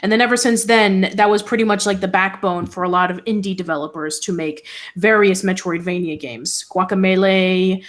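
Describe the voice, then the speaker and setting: Chatty woman with halting delivery. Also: on the low side. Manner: hesitant, many fillers, reads news items. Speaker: co-host. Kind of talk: casual podcast chat.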